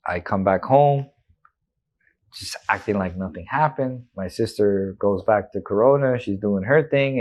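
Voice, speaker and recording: A man's voice: lowish voice, a little mellow. A man in his thirties, a guest in an interview, candidly retelling a personal story with emotion and quoted dialogue.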